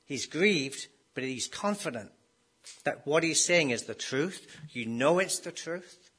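A man's voice: a little high, lively intonation, slow, a bit bright, slightly rough. A man preaching a sermon in a conversational way, often asking his listeners rhetorical questions.

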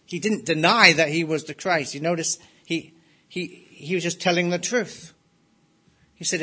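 A man delivers an expository sermon in a voice pitched a little above most men. He preaches emphatically and gives quoted lines a dramatic, rising intensity. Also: moderate pace, sharp tone, husky. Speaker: pastor.

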